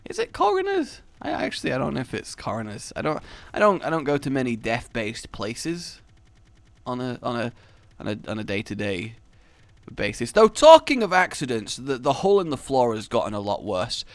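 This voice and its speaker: Lively man rambling over gameplay. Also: medium pitch, moderate pace, no echo. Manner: rambling storytelling with frequent restarts, bursts of shouting and laughter. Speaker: gaming YouTuber. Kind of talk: casual gameplay commentary. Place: home office.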